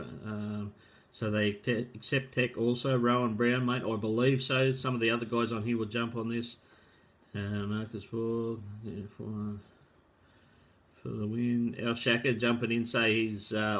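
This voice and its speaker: Male host, casual live-stream chat, rambling and friendly, bright tone. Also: mid-range voice. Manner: rambling, filler-heavy, friendly, calls people mate. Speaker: host of a live drag racing show.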